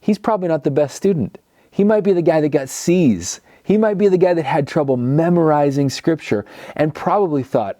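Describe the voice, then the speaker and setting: A man's voice: medium pitch, expressive, normal speed, mellow, no room sound, studio quality. A man preaching a teaching sermon, telling the story and acting out quoted speakers. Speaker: pastor.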